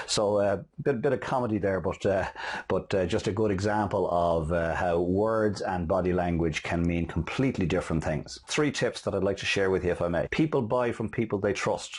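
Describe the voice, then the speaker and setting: A man hosting a motivational talk on selling, telling stories quickly with many fillers and restarts. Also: lowish voice, darkish tone, slightly rough. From Ireland. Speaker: host and sales motivational speaker. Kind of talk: casual motivational talk with anecdotes.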